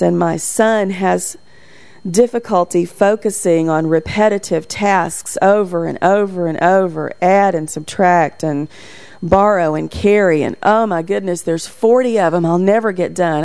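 A woman's voice: mid-range voice, a little mellow. A middle-aged woman giving a talk on raising children, telling stories from home and acting out what she said to her kids. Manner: anecdotal, acts out quotes with livelier voice. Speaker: parenting speaker. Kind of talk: talk on parenting.

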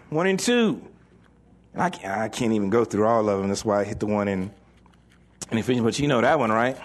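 His voice is a little high as this male pastor jokes his way through an animated sermon, quoting scripture and acting out doubters.

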